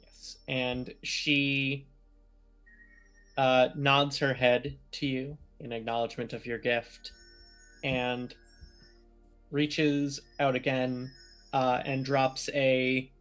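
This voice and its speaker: A man narrating as game master of a tabletop role-playing game, often pausing with fillers as he describes the scene. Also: mid-range voice, flat delivery, a bit bright, clear, resonant tone, soft background music. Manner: hesitant, filler-heavy narration.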